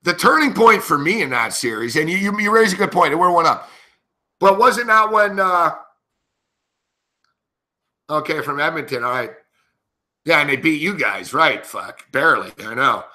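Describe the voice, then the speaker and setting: Brash, profane, bright-voiced middle-aged man. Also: a little high, expressive, moderate pace, pauses often. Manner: profane, brash, laughing between lines. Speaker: sports betting show host. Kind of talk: casual storytelling to a live chat.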